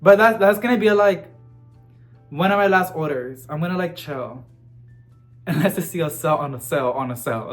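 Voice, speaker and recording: A man vlogging about houseplants in a chatty, animated way, full of casual fillers. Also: a little high, fairly quick, soft background music. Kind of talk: casual chat to camera.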